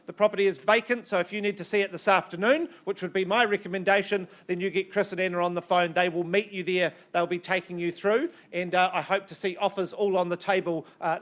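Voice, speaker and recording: A man running a property auction, speaking in a slow, measured way with frequent fillers. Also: high-pitched, fairly bright tone. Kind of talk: auction patter. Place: auction room.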